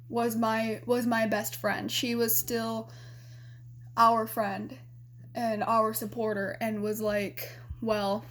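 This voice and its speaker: Talking to her camera, a young woman vlogger from Arizona shares a personal story in a frank, rambling way. She swears freely, leans on "you know" to fill gaps, and her voice sits on the high side.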